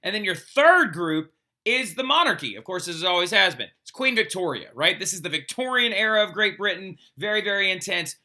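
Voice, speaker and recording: Bright-voiced chatty male history teacher. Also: fairly high pitch. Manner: chatty, keeps adding "right?" to check in. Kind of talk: casual recorded lecture.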